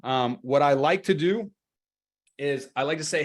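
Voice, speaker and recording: A man leads a sales training webinar in a relaxed, conversational way. His voice sits on the higher side, and he breaks into quick acted exchanges between agent and client to make his points. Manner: energetic, conversational, acts out seller and agent lines. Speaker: real estate sales trainer. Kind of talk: live training webinar talk.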